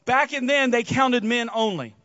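A man preaching a casual sermon, retelling a story in an animated way with frequent restarts. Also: extremely high pitch, normal speed, no room sound, highs cut off. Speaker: pastor.

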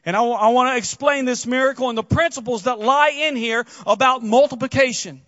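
A man preaching a casual sermon, retelling a story in an animated way with frequent restarts. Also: very high-pitched, brisk, no room sound, lo-fi sound. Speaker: pastor.

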